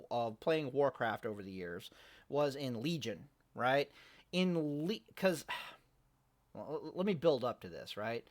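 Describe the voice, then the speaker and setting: Profane rambling man, higher voice. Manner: profane, rambling, restarts often. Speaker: gaming vlogger. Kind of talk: ranting casual monologue. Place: home near a kitchen.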